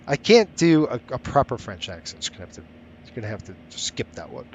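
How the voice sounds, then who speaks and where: A man's voice: mid-range voice, sing-song, fairly quick, dull audio, a little hiss or hum. A man hosting a live stream, thinking aloud as he sets things up and chatting with viewers between steps. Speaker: flight sim streamer.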